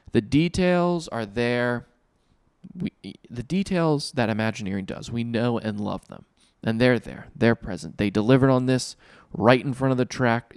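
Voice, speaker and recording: A man's voice: medium pitch, a little mellow, clear, resonant tone, no room sound, clean studio sound. A man hosting his own podcast, talking casually and enthusiastically with joking asides as he gives his review. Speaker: podcast host. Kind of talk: casual solo review talk.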